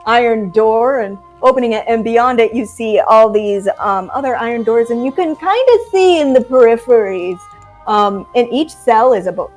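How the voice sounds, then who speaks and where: A young woman narrating as game master of a tabletop game, halting with ums and breaking into laughs. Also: fairly high pitch, lively intonation, darkish tone, soft background music.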